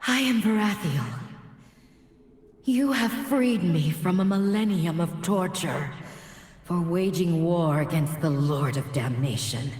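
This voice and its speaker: A woman's voice: on the low side, slow, darkish tone, slight background noise. An actress voicing a solemn, ancient female angel in a game, speaking in a grave and formal way. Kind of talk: game cutscene voice acting. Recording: reverberant hall with faint music.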